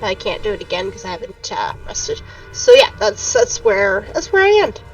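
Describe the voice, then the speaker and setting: A woman's voice: medium pitch, huge pitch swings, normal speed, creaky, distant mic, dull audio, faint music behind. A woman playing in a tabletop game, talking hesitantly with many fillers. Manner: hesitant, filler-heavy, drawn out. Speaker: player.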